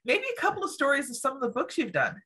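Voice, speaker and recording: A woman's voice: high voice, huge pitch swings, fast talker, sharp tone. A woman hosting an interview podcast, asking questions in an encouraging way. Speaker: podcast host. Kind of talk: casual interview.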